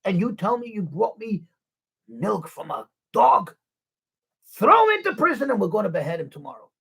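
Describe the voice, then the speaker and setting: A man voicing an outraged, sick old king who shouts in a much higher voice than his own. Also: wildly swooping pitch, moderate pace, creaky, breathy edge, heavily acted. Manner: high-pitched outraged shouting.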